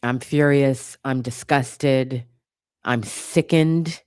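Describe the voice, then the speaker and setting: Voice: medium pitch, steady tone, drawn-out words, darkish tone, clean tone, no echo, clean studio sound. A channel host giving an impassioned commentary monologue, blunt and profane, hammering points home with repetition.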